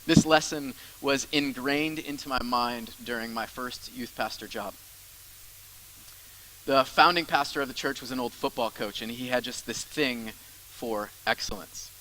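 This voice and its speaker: Bright-voiced male pastor preaching. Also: mid-range voice, steady tone, measured pace, a little hiss or hum, rough recording. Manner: conversational preaching with many asides and repetitions. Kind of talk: sermon.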